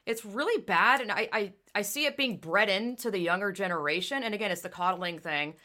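Woman podcast host, bright forceful tone, fast heated casual chat with frequent swearing. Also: medium pitch, expressive. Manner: fast, emphatic, swears freely, acts out quoted people.

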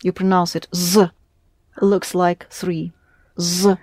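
A woman giving a one-to-one language lesson, patiently modelling words and repeating them slowly for her students. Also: lowish voice, level tone, darkish tone, no room sound, studio quality. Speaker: language teacher.

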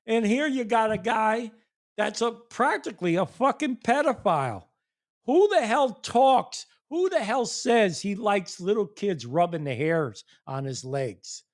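A foul-mouthed man rants to his online viewers in open disbelief, cursing constantly and breaking into incredulous laughter. His voice sits high and leaps all over the place. He talks slowly and heavily. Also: animated. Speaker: streamer ranting to viewers. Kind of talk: profane political rant.

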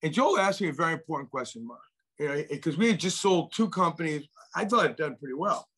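A man's voice: on the high side, lively intonation, fast, fairly bright tone, husky. A middle-aged man telling a long personal story as an interview guest, rambling with many restarts and repeated words. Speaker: guest, venture investor.

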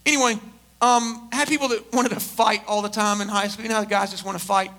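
High, bright-voiced male preacher. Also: steady tone, quick pace. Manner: emphatic preaching with humorous storytelling asides. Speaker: pastor. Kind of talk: sermon. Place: church service.

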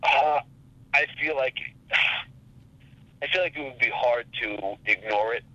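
A man telling a rambling story in a casual, profane and animated way. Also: medium pitch, a little slow, lo-fi sound. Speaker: podcast guest.

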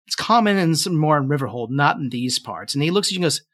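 Male game master narrating a fantasy session, unhurried, dry close sound. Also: fairly high pitch, no room sound. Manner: relaxed storytelling with frequent fillers.

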